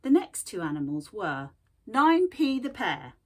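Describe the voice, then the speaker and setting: A woman art teacher reading a picture book aloud and gently guiding young children to draw, asking them questions as she goes. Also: medium pitch, big pitch swings, unhurried, a little hiss or hum.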